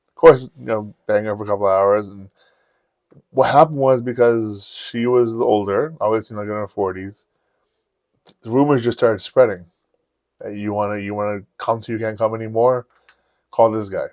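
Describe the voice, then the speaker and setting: A man's voice: on the low side, fairly even intonation, normal speed, a little mellow, no room sound. A man, a podcast host telling a rambling, profane story and acting out the quotes. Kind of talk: casual storytelling.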